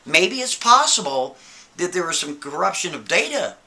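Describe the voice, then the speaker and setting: A man voicing a concerned female librarian who calmly reassures someone. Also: sits high, normal speed, heavily acted. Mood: reassuring. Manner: soothing, reassuring.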